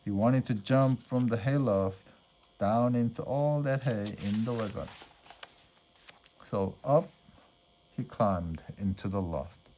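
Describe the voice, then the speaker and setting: A man reading a children's storybook aloud at a measured pace. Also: on the low side, dark tone, a little hiss or hum. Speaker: storybook reader.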